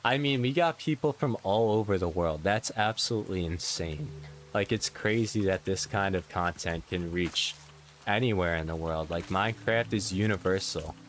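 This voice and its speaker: Low-voiced young man chatting casually. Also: normal speed, a little hiss or hum. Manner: relaxed, chatty, reacting aloud. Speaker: Minecraft YouTuber. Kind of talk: casual chat with viewers.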